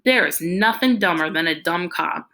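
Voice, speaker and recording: A woman's voice: lowish voice, lively intonation, moderate pace, bright, forceful tone. A woman voicing a domineering ex-convict preacher, a middle-aged man who speaks in a drawling, bossy way. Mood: menacing. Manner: drawling, domineering, calls the boy "boy".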